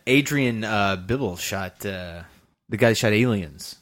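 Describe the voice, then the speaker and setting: A man hosting a film podcast in casual chat. He is animated and opinionated, and he swears freely. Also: on the low side, a little slow. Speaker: podcast host and film editor.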